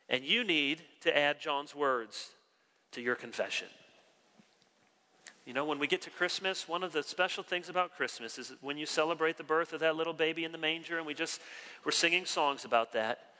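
A man preaching a sermon as pastor, animated with wry asides and slowing down for emphasis. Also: a little high, long reverb tail.

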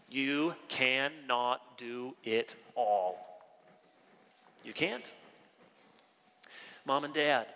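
A man preaching a sermon as pastor, animated with wry asides and slowing down for emphasis. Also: mid-range voice, long reverb tail.

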